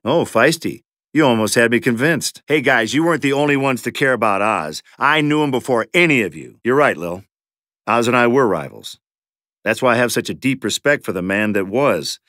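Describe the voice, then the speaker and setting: A wisecracking, foul-mouthed mercenary. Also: male voice, mid-range voice, bright, forceful tone, no echo, studio quality. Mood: scheming, cold. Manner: wisecracking, profane, sardonic. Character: sarcastic, foul-mouthed male mercenary in a zombie fight. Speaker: video game character. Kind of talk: game voice lines.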